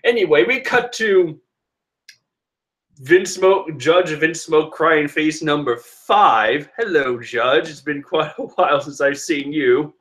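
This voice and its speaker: A man's voice: a little high, slow pace, fairly bright tone. A man casually reading through a comic chapter aloud, joking and sarcastic with frequent laughs. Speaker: manga reader commentator.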